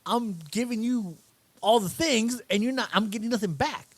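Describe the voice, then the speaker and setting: Animated laughing podcast storyteller. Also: mid-range voice, moderate pace, no echo. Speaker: podcast co-host. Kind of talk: casual chat.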